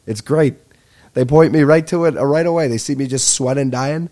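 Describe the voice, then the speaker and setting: A man, rambling excitedly and swearing through a comedic podcast monologue as host. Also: mid-range voice, unhurried, pauses often. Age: 20s.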